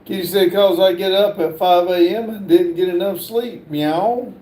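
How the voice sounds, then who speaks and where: Middle-aged guy doing a livestream, slow and halting, lots of uhs, kinda high voice, echoey room. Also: fairly even intonation, darkish tone. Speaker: livestream host. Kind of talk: casual livestream chat, reading viewer comments aloud.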